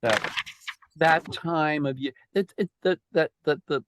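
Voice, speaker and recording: A man's voice: a little high, measured pace, background noise. A man leading a poetry discussion group, restarting his sentences often and speaking with emphasis as he taps out the rhythm.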